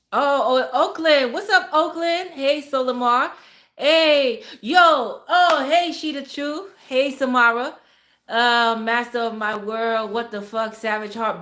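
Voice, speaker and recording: A woman with a high, slightly bright voice speaks slowly while hosting a casual livestream. She greets viewers by name, chats freely, swears, and laughs often.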